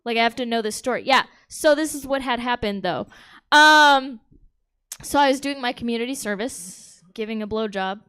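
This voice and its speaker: A woman's voice: on the high side, normal speed, a bit bright, clean tone. A woman doing a stand-up set on a comedy stage, candid and giggly, talking straight to the audience. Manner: giggly, candid, crowd-work. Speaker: stand-up comic.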